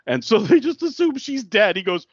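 A podcast co-host retelling a movie plot in a casual, animated way, often acting out the characters' lines. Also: medium pitch, moderate pace, breathy edge, no echo, highs cut off.

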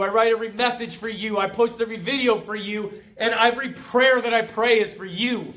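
Young guy hyping up his fitness community, really high pitched, fired up and emotional. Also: steady tone, fairly quick, few pauses, fairly bright tone. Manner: fervent and emotional, with repeated refrains. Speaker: motivational host of a fitness community. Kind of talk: motivational pep talk.

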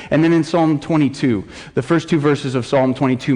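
A man preaching a sermon as pastor, building from quiet gravity to impassioned cries when he reads laments aloud. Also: mid-range voice, animated, normal speed, hardly any pauses. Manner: impassioned, rising to near-shouts when reading laments. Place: church sanctuary. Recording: long church hall reverb.

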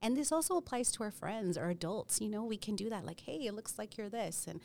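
A woman in her forties, a therapist talking casually as a podcast guest, acting out parents and kids in quick voices and slipping in Spanish words. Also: mid-range voice, lively intonation, vocal fry, dark tone. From United States. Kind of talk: podcast interview.

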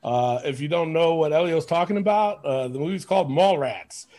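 A man hosting a podcast, telling stories in an animated, casual way, laughing often and swearing. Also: a little high, normal speed. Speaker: podcast host. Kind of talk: casual chat.

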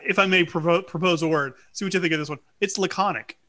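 Bright-voiced man telling profane stories. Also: high voice, fast talker. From South Louisiana. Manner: animated, profane storytelling with frequent restarts. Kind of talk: casual chat.

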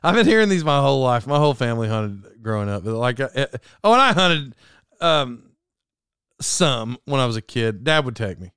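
A man hosting a comedy podcast alone, rambling through an animated monologue, often stopping and restarting mid-sentence. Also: mid-range voice, moderate pace, clean tone, dry recording, studio quality. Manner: rambling, self-interrupting, animated. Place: alone in a room.

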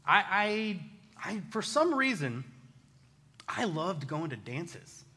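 Bright-voiced man telling a self-deprecating story. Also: high voice, slow, husky. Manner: self-deprecating, chatty, animated. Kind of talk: casual personal storytelling.

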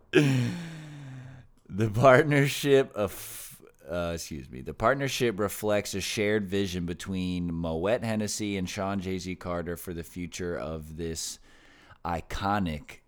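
A man hosts a casual podcast, reading headlines aloud before riffing on them in loose slang. His voice sits low and smooth, and he talks at an unhurried, slow pace. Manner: reads news aloud then riffs with slang and swearing. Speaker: podcast host. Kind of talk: casual news chat.

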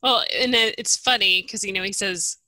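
Bright-voiced, laughing woman chatting. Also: mid-range voice, moderate pace, dry recording, low-quality recording. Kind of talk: casual book discussion.

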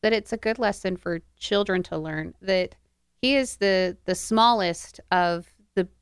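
A woman's voice: mid-range voice, a little slow, clear, resonant tone, no room sound, clean studio sound. An adult woman co-hosting a podcast, speaking thoughtfully and earnestly in a casual book discussion. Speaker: podcast co-host.

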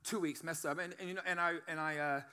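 A man's voice: on the high side, steady tone, quick pace, sharp tone, clean tone. A man giving an earnest church testimony, calling out for amens as he preaches about his past. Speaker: guest speaker giving testimony. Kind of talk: testimony sermon.

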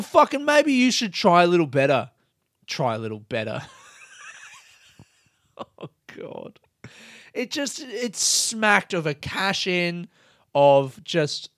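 A man's voice: fairly high pitch, a bit bright, clean tone, no echo, clean studio sound. A man ranting about a movie on a podcast, swearing and mocking it between bursts of laughter. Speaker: podcast host. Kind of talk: casual podcast movie rant.

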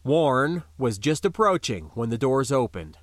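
A man narrating an audiobook in a lively, unhurried reading voice. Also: mid-range voice, no echo.

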